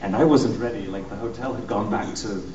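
A man on a convention panel telling lively stories with a faintly British-tinged American accent, theatrical and self-mocking. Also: lowish voice, a little fast. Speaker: voice actor panelist. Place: hotel convention room. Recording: echoey hotel room from far off, muffled, noisy.

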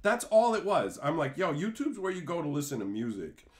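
A man's voice: on the high side, big pitch swings, brisk. A man streaming casually, chatting with his live viewers in a rowdy, swearing way, laughing often and calling them bro and son. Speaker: streamer reading live chat. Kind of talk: casual profane stream chat.

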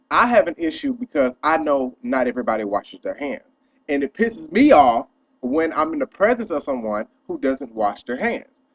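A young man ranting in a casual vlog, profane and animated as he tells a story. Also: medium pitch, lo-fi sound. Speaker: vlogger.

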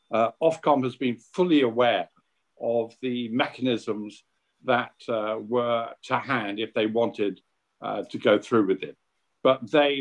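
A British man gives his views in an online book launch discussion. His voice sits at an ordinary pitch, and his points come out firm and opinionated. He breaks them up with frequent fillers and restarts. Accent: British English. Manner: opinionated, hesitant with many fillers. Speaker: essay contributor at book launch.

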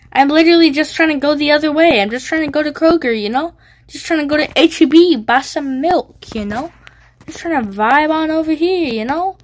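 A woman giving goofy, teasing gameplay commentary, yelping and squealing when she gets hit. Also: high voice. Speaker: gaming video creator.

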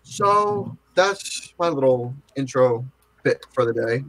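A man's voice: medium pitch, animated, takes it slowly, fairly bright tone, no echo, low-quality recording. A young man hosting a podcast, telling crude, rambling stories in casual chat. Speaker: podcast host.

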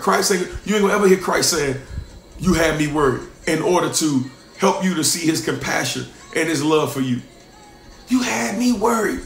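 Male pastor, high voice, emphatic sermon delivery with loud and hushed swings, roomy sound. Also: creaky.

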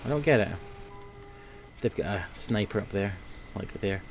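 Young man, gameplay commentary, animated pitch, foul-mouthed, grumbly, flares up fast. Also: faint music behind. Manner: swears often, grumbling and quick to flare up at teammates. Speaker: gaming video host.

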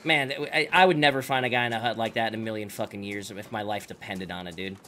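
A man's voice: fairly low pitch, fairly even intonation, fast, pushed and bright, a little hiss or hum. A man streaming a survival game, chatting casually with teammates in profane, exasperated bursts. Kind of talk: casual gaming chat with teammates.

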